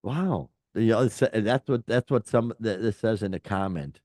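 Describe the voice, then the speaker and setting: A man's voice: lowish voice, moderate pace, a little mellow, no echo, studio quality. An older man, co-hosting a casual rock chat show, rambling and joking with many fillers. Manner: rambling, jokey, lots of fillers. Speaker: podcast co-host.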